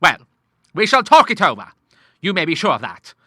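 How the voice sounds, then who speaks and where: A bluff old naval admiral, hearty and courteous, peppering his talk with sea phrases, as a male audiobook reader plays him. His voice is bright and lively, a touch higher than plain speech. It is recorded close and dry. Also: moderate pace, husky, dry recording, exaggerated voice. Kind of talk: audiobook character voice.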